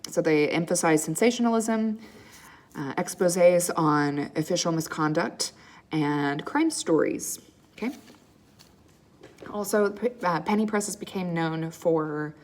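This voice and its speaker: Low-voiced woman lecturing casually. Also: a little slow, darkish tone. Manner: casual, checks in with "okay?" and "right?"; frequent ums and uhs, restarts. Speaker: history teacher. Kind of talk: recorded slide lecture.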